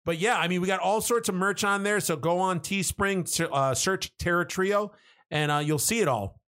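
Podcast cohost dude rambling about merch, kinda high voice, chill. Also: male voice, moderate pace, fairly bright tone. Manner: laid-back, rambling promo talk. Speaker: podcast co-host. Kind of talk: casual chat.

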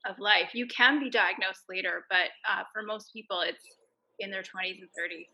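A woman from Canada, a blogger guest on a podcast, answering in a relaxed, thoughtful way with pauses and fillers. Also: medium pitch, poor audio. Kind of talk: casual interview answers.

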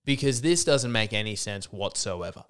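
His voice sits on the low side, expressive and smooth with some brightness, moving at a normal pace. He's a slightly sick podcast host in his thirties, giving an exasperated, sarcastic comedic rant alone with many restarts.

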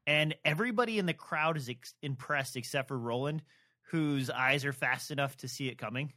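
A man's voice: fairly high pitch, a little fast, sharp tone. A man co-hosting a podcast, talking casually about a book in a rambling, hesitant way. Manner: rambling, hesitant, many fillers. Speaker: podcast co-host.

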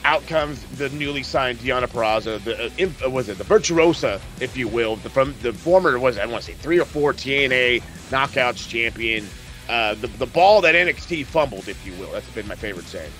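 A man's voice: mid-range voice, animated, a little fast, fairly bright tone, soft background music. A man hosting a podcast, recapping wrestling in casual, profane, rambling chat. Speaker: podcast host.

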